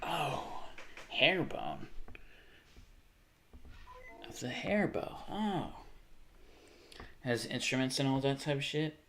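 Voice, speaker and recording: A man's voice: mid-range voice, sing-song, slow pace, creaky, pauses often, background noise. A man chatting casually with his live stream chat while gaming, joking and sarcastic.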